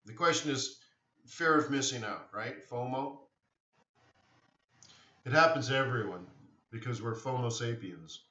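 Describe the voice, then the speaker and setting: A man hosting a live trading stream talks casually, rambling a bit with many restarts as he answers viewers' questions in the chat. His medium-pitched voice is bright and forceful, a little slow and full of pauses. The recording sounds roomy, distant and dull.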